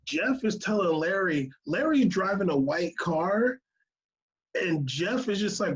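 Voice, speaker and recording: A man co-hosting a music podcast in casual chat, laughing often and running down lists quickly. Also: sits high, expressive, dull audio. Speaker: podcast co-host.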